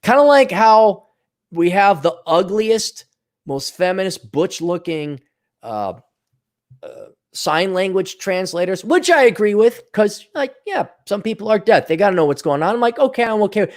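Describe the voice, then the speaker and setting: A man's voice: high-pitched, unhurried. A man hosting a podcast, delivering a profane, sarcastic solo rant with scornful asides. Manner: animated, mocking voices in quotes. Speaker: podcast host. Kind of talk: ranting solo commentary.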